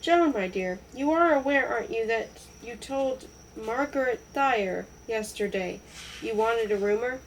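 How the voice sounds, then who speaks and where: A woman's voice: a little high, expressive, measured pace, distant mic, a little hiss or hum, poor audio. A woman voicing a fussy, blustering fat middle-aged husband in a read-aloud novel, speaking with indignant emphasis. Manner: fuming, indignant.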